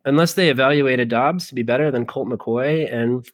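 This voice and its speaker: A man's voice: medium pitch, normal speed, no room sound. A man co-hosting a casual podcast, rambling with filler words and a self-deprecating humor. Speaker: podcast co-host. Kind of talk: casual chat.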